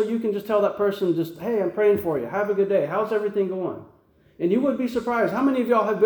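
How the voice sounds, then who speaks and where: A man preaches in a relaxed, folksy style, repeating his words as he thinks and checking in with "right?" His voice sits high but sounds soft and warm. The room has a noticeable echo. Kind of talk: conversational sermon.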